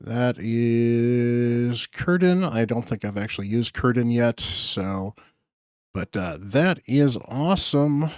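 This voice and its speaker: A man's voice: mid-range voice, animated, slow pace, a little mellow, clear, resonant tone, no echo, studio quality. A man hosting his gaming channel, chatting casually through his summon pulls in an upbeat way with frequent fillers. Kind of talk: casual gacha summon commentary.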